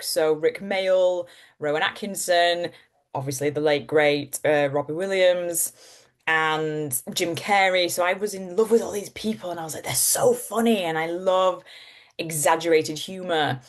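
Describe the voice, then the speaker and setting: Comedic woman with a soft Yorkshire accent. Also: on the low side, a little slow. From Yorkshire, England. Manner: animated and comedic, laughing often, jumps into playful voices. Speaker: actor and presenter, guest. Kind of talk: casual interview chat.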